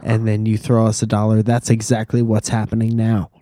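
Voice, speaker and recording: A man's voice: on the low side, completely flat delivery, fairly quick, warm tone, no room sound. A young man co-hosting a casual podcast, joking and teasing his wife. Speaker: podcast co-host. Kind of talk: casual chat.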